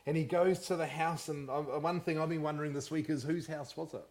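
Animated man preaching a sermon. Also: a little high, a little fast. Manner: animated, asks the congregation questions. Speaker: pastor.

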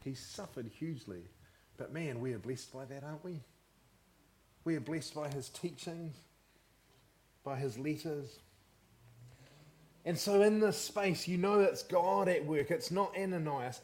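A man preaching a sermon as pastor, often asking the congregation questions. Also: on the high side. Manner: animated, asks the congregation questions.

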